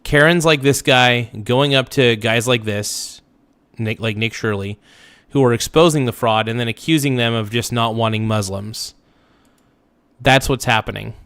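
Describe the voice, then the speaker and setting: A man's voice: medium pitch, normal speed, a bit bright, clean tone, no echo. Blunt, emphatic man ranting on a livestream. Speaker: livestream reaction host. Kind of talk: ranting reaction commentary.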